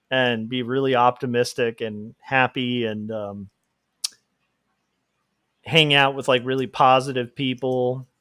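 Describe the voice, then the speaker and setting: A man's voice: mid-range voice, a bit bright, smooth, dry recording, studio quality. Rambling, laughing male livestreamer. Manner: rambling, laughs often, fillers. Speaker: livestream host, comic artist. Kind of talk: casual livestream chat.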